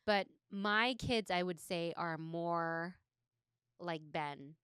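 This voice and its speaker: A woman co-hosting a podcast, chatting casually and backing up her friend with quick agreement. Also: lowish voice, fairly bright tone, clear, resonant tone, no echo, clean studio sound. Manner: supportive listener, quick agreeing backchannels. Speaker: podcast co-host. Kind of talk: casual chat.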